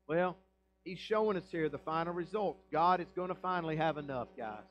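A man, a pastor preaching a sermon in a church with emphatic rhetorical questions and swings between loud and quiet. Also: on the high side, brisk, lo-fi sound, slight background noise. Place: church sanctuary.

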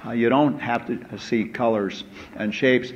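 A man giving a university lecture in a hall, unhurried and full of "uh" hesitations and asides. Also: mid-range voice, fairly even intonation. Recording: dull lo-fi lecture recording with faint noise.

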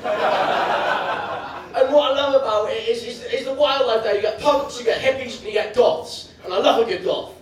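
A Geordie man from Newcastle performing a stand-up routine with quick, deadpan joke delivery in a comedy club. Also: very high voice, background noise. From Newcastle, England. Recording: very echoey club from far off, audience laughter.

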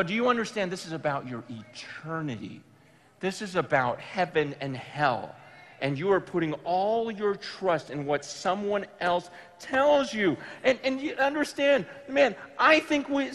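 Male preacher, high voice, animated storytelling, emphatic bursts. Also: long reverb tail. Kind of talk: storytelling sermon. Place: large room with an audience.

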